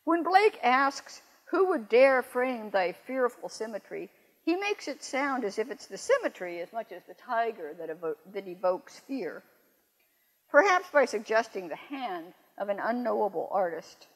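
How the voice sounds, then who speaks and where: An older woman poet giving a lecture, reading verse slowly and adding wry, self-correcting asides. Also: on the high side, big pitch swings. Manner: measured, slows down to read verse aloud. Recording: long reverb in a hall.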